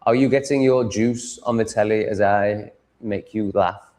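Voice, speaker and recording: Man, low voice, crude, mocking, rambling live-stream chat. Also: steady tone, measured pace, darkish tone. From Sheffield, England. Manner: crude, mocking, swears freely.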